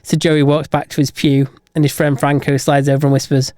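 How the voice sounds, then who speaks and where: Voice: medium pitch, brisk, no echo. Dry, close-miked podcast joke-teller. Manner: animated storyteller, laughs at own jokes. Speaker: podcast co-host. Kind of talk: casual joke-telling chat.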